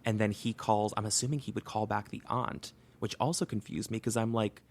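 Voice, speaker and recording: Low, gravelly man on a podcast. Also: steady tone, a little fast. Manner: thinks aloud while retelling a case. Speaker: podcast co-host. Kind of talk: casual true-crime podcast chat.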